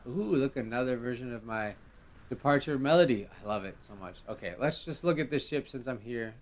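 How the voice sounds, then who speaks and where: A young man hosts a live game stream, chatting casually with slang and laughing as he reacts, laid-back and rambling. His voice sits in the mid range and comes out animated and fairly quick. Faint music plays in the background.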